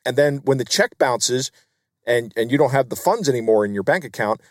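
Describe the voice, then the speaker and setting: A man's voice: medium pitch, expressive, brisk, darkish tone, no echo, studio quality. A man co-hosting a podcast, explaining things in a plain, matter-of-fact way. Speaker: podcast co-host. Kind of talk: casual podcast chat.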